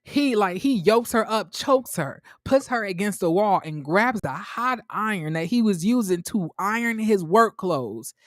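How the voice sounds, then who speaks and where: A man hosting a casual TV recap vlog, retelling scenes in an animated, gossipy way and acting out quotes. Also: high voice, measured pace, hardly any pauses, no room sound, studio quality. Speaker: TV review host.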